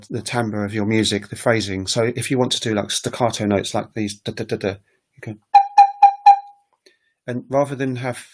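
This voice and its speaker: A man teaching on a casual livestream, talking in a rambling, hesitant way with many fillers. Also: lowish voice. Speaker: language teacher and recorder player. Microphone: webcam livestream setup.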